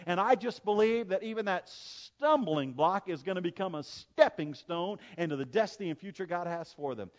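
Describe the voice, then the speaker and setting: A man preaching a sermon, telling stories with emphatic repetition and dropping from loud preaching to quiet asides. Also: sits high, expressive, moderate pace, few pauses, dull audio. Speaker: pastor.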